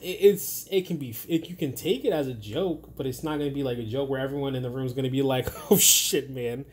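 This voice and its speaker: A man's voice: medium pitch, quick pace, mellow. A man ranting casually to camera in a blunt, profane and rambling way, often restarting his sentences. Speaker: vlogger.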